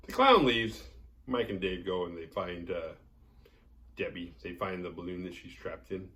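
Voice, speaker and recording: A man with a fairly low voice retells a horror film's plot, sounding a little distant from the microphone. He rambles casually, leaning on "like" and throwing in jokes and swear words. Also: lively intonation, normal speed, bright, forceful tone. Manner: rambling, heavy filler "like", profane and jokey. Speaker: horror movie podcast host. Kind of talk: casual movie recap.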